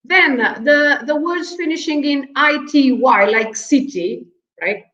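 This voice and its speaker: A woman's voice: sits high, expressive, slow pace, a bit bright. A woman with a Portuguese accent, a native speaker patiently explaining vocabulary on a talk show, with frequent chuckles and a habit of asking "right?". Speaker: language teacher guest. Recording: roomy, slightly dull audio.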